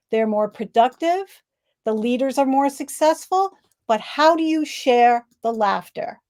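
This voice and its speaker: Over a video call, a woman gives an upbeat online presentation about laughter and leads laughter exercises, demonstrating rhythmic ho, ha, he sounds. Her voice sits on the high side with a darkish tone.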